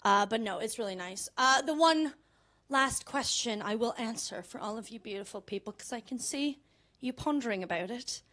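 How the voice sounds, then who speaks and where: A woman's voice: fairly high pitch, animated, moderate pace, pushed and bright. A young Canadian woman performing a chatty, self-mocking stand-up set on a comedy club stage, often tagging her lines with "right?". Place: comedy club stage before a live audience.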